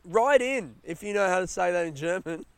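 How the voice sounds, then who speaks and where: A young Australian man hosting a casual solo podcast outdoors, rambling through stories in a chatty, rushed way. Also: high-pitched, animated, clean tone, no room sound. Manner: rambling, chatty, retelling stories with quoted voices. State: yawning, a bit rushed. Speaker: podcast host. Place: outdoors in a smoking area by a housing estate.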